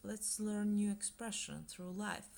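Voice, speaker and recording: Slow, gravelly-voiced woman teaching a language. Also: mid-range voice, fairly even intonation, darkish tone. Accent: Montenegrin. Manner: slow and deliberate, pausing between phrases. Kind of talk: slow, scripted language lesson.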